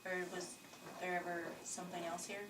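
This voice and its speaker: A female paranormal investigator asking quick, soft-spoken questions. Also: fairly low pitch, little pitch movement. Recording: echoey, distant, noisy camcorder audio.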